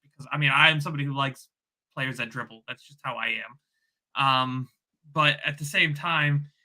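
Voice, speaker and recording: A man speaking as a guest on a casual football fan podcast, in a measured way that repeats and restates his points. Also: medium pitch, pushed and bright.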